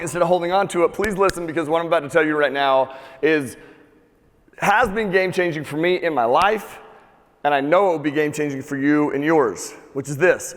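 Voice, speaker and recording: Energetic, profane motivational speaker in a hall. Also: male voice, on the high side. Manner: energetic, profane, calls for audience repeats. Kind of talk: live motivational talk to an audience. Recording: long hall reverb.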